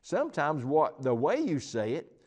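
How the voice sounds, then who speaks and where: A man's voice: on the high side, huge pitch swings, moderate pace, darkish tone. Rambling, emphatic man teaching the Bible. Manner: rambling, emphatic, many restarts and fillers. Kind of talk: informal Bible teaching chat.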